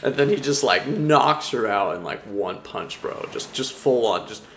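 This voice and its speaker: A man's voice: on the low side, animated, unhurried, fairly bright tone, a little hiss or hum. A young man chatting casually about a comic, rambling with lots of fillers and frequent laughter. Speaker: anime vlogger. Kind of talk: casual chat.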